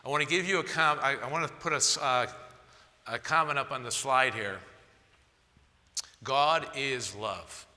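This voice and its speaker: His medium-pitched voice sounds pushed and bright, moving a little slowly with frequent pauses, and a long reverb tail follows each phrase. He's teaching at a church seminar in a conversational way, often posing rhetorical questions to the listeners.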